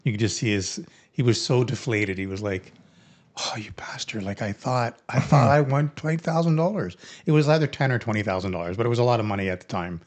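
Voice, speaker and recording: A man co-hosting a podcast, relaxed, recounting an old prank with lively quoted dialogue. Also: medium pitch, quick pace. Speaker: podcast co-host. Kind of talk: casual storytelling among friends.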